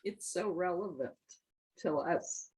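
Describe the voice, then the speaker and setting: A woman in a study group discussion, speaking thoughtfully with hesitant pauses. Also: fairly low pitch, a little mellow, slightly rough, low-quality recording.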